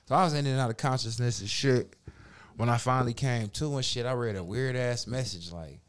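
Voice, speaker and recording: A man's voice: mid-range voice, fairly quick, clean tone. A man telling a long story in laid-back, profane casual chat.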